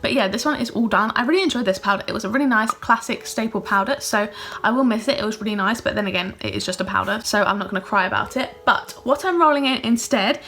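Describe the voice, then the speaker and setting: A woman's voice: medium pitch, fast, a bit bright. A young woman in her twenties chatting casually about her makeup in her bedroom, upbeat and full of fillers, recorded on her phone. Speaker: beauty vlogger. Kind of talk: casual chatty product review. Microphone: phone camera.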